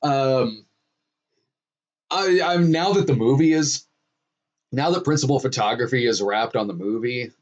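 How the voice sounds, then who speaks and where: A man's voice: mid-range voice, a little slow, pauses often, dull audio. A man hosting a casual live-stream chat over a video call, rambling with many restarts. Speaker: host.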